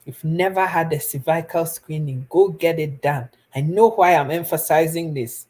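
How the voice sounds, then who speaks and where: A woman's voice: sits low, normal speed, few pauses, darkish tone. A young Ghanaian woman hosting a live stream, giving earnest advice to her viewers and mixing Twi with English. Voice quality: pleading, earnest, switches between Twi and English. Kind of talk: casual advice talk to viewers.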